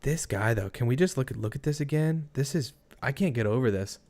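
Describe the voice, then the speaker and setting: A man's voice: medium pitch, expressive, fairly quick, a little mellow. A young man hosting a casual true-crime livestream, thinking aloud and rambling with restarts while reading chat. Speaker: livestream host.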